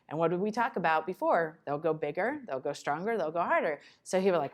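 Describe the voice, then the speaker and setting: Female presenter, lower voice, chatty and animated, explains to parents in a conference room. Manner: lively, conversational, acts out the child and parent in quick asides. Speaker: conference presenter on child behavior.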